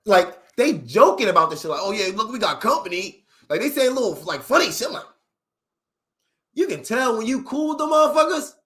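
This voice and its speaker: A man's voice: extremely high pitch, brisk. A young man telling a story in casual, profane street talk, acting out what people said. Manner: animated, profane street talk, acts out quotes. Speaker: vlogger telling a story to live viewers.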